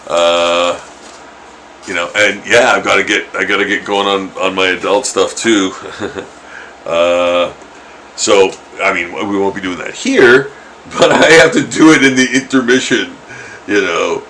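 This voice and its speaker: A man's voice: low-pitched, measured pace, sharp tone, slight background noise, rough recording. Rambling, chuckling male artist. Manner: rambling, chuckling, many fillers and restarts. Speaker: artist streaming his drawing. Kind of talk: casual chat while drawing.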